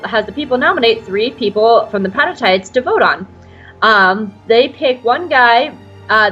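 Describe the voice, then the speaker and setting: Chatty high-voiced Southern woman. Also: fairly bright tone, muffled recording. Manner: chatty, jokey, tries funny voices. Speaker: podcast co-host recapping. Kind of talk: casual recap chat.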